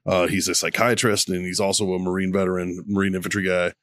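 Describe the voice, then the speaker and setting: Low-voiced man telling stories. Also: flat delivery, fast talker, fairly bright tone, no room sound, clean studio sound. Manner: profane storytelling, acts out both sides of phone calls. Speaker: podcast co-host. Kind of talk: casual chat.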